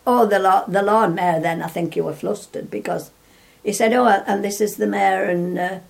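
Her voice is mid-range and creaky with fairly even intonation at a moderate pace. This older interviewee rambles through a remembered story, frequently starting over and chuckling while she tells it.

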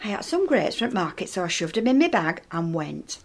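A woman's voice: fairly low pitch, sing-song, fairly quick. A woman performing a comic character monologue as a gossipy elderly woman with a Northern English accent and dry, matter-of-fact humour. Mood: chatty. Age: older. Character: chatty, nosy elderly northern widow-type woman.

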